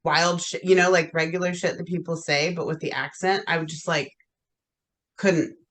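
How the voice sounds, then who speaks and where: A woman from the South with a slight twang, chatting casually as an interview guest, relaxed and wry, often trailing off. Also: on the low side, moderate pace. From American South. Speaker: podcast guest.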